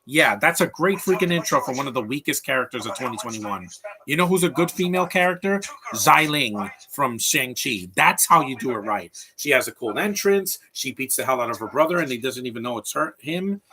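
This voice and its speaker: Bright-voiced man ranting over a film. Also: mid-range voice, animated, fast. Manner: opinionated, rambling rant with restarts. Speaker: film commentator. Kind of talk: live film commentary.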